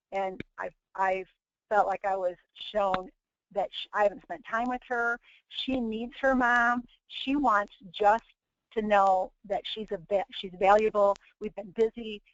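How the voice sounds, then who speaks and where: A woman's voice: medium pitch, steady tone, a little slow. A middle-aged woman hosting a motivational webinar. She talks earnestly, in a preachy way, with many restarts. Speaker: webinar host and team leader. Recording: dull, dry lo-fi webinar audio.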